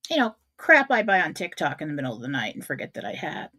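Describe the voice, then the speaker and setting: A woman's voice: low voice, very animated, fast talker, pushed and bright, dry recording. A middle-aged woman hosting a radio show, telling a personal story in a candid, self-mocking way. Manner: candid, self-mocking, acts out her own thoughts.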